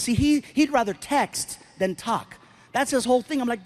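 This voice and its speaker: A man in his forties telling animated, punchy stand-up stories on stage into a handheld mic. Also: very high voice, a little fast. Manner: animated, punchy, acts out characters. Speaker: stand-up comedian. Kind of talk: stand-up comedy storytelling. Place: stage before a live audience.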